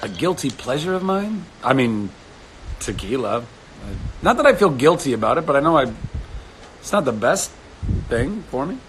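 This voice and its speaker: A man in his thirties hosting a casual live stream from home, chatting with viewers, animated and laughing often. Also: moderate pace, pauses often, background noise. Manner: animated, laughs often, jumps to sudden high exclamations. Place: home studio indoors.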